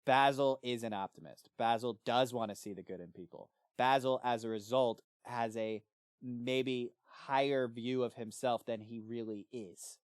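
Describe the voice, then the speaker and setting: A man's voice: mid-range voice, measured pace, clear, resonant tone, dry recording, clean studio sound. A man co-hosting a book club podcast, chatting casually and now and then acting out lines in playful voices. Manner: animated, acts out character lines in jokey voices.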